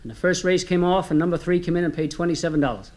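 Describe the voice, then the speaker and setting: A man's voice: on the high side, fast talker, darkish tone. A man telling folksy jokes on a comedy record, chatty and homespun, speaking straight to his listeners. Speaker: comedy storyteller.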